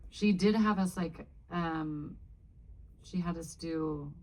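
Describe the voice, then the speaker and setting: A woman's voice: low-pitched, slow pace, darkish tone, slight background noise, poor audio. A woman speaking as a guest on a live Q&A panel, talking casually in rambling, self-interrupting bursts with frequent laughs. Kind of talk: casual Q&A talk. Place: live Q&A panel before an audience.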